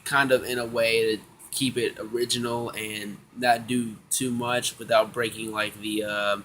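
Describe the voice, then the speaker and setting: A man casually recapping an anime episode, slangy and excitable, acting out the characters' lines in quick bits. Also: medium pitch, slight background noise. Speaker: anime review vlogger.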